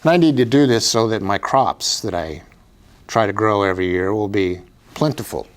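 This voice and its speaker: A man's voice: lowish voice, moderate pace, close to an everyday voice. A man voicing an insistent, self-righteous male zealot who pleads stubbornly in a comic skit.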